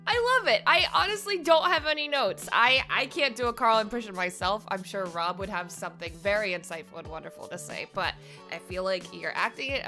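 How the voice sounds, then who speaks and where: A young woman who is an impressionist, giving playful, bubbly feedback on viewers' voice impressions. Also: medium pitch. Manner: bubbly, animated, playful critique. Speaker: impressionist reviewing viewer submissions. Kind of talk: casual chat.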